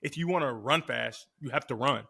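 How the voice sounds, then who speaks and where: A man in his thirties, a podcast guest and former quarterback, telling stories in a casual, slangy, animated way. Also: medium pitch, a little fast, gravelly, breathy edge. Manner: animated, slangy storyteller who acts out quotes. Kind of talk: casual storytelling.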